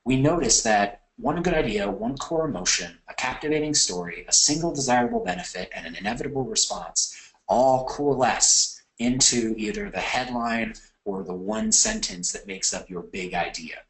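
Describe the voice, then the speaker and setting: A man's voice: mid-range voice, sing-song, normal speed, creaky, a bit bright, low-quality recording. A man giving a recorded course lecture, talking conversationally with fillers and self-corrections. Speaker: course instructor.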